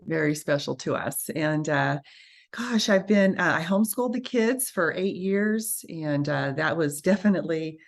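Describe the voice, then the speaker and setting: A registered nurse appears as a guest in a casual interview, telling her story with animation and acting out the voices of the people she quotes. She has a deep voice and speaks at a moderate pace.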